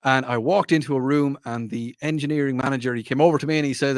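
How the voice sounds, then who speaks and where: A man's voice: medium pitch, fairly even intonation, fast, hardly any pauses, no room sound. Man, radio host, casual rambling storytelling, dry close mic. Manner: rambling storytelling with many restarts.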